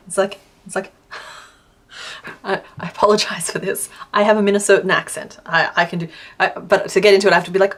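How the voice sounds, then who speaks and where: A woman's voice: mid-range voice, fairly even intonation, a little fast, fairly bright tone. An Australian woman chatting casually on a live stream while she crochets, answering her chat and laughing often.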